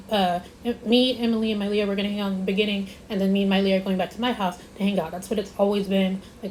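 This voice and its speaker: A woman's voice: medium pitch, a little mellow, a little hiss or hum, rough recording. Rambling young woman telling a story. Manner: rambling, repeats herself, lots of "like"; emphatic, stressing points. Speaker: vlogger. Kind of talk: casual storytime.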